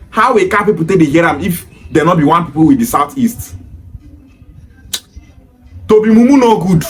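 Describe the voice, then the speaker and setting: Scolding Nigerian man, high voice. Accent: Nigerian, with Pidgin phrases. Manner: scolding, repetitive rhetorical questions. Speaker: commentator. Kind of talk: ranting monologue.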